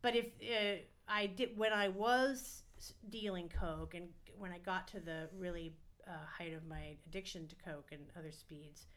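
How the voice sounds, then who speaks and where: Bright-voiced woman telling stories. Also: fairly low pitch, unhurried. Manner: candid, profane, rambling with fillers. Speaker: podcast guest. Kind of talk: casual storytelling.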